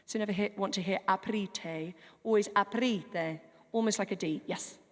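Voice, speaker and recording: A woman's voice: mid-range voice, steady tone, rapid-fire. Woman coaching a choir in a reverberant church. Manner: chatty, demonstrates pronunciation word by word. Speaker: choir director. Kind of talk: rehearsal coaching. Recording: long hall reverb.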